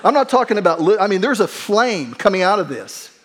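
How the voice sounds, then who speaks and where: A man's voice: high-pitched, big pitch swings, a little fast. A middle-aged man, a pastor, preaching a conversational sermon and telling a humorous personal story in an earnest, self-deprecating way.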